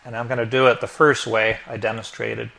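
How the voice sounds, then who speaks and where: A man narrating a software tutorial step by step as the instructor, explaining each click as he goes. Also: medium pitch, level tone, a little fast, creaky. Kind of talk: screen-recorded tutorial narration.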